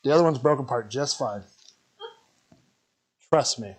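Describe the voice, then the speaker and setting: Brief: man co-host, mid pitch, joking storyteller who laughs a lot in a home kitchen. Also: normal speed, rough recording. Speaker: podcast co-host. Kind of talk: casual chat while cooking.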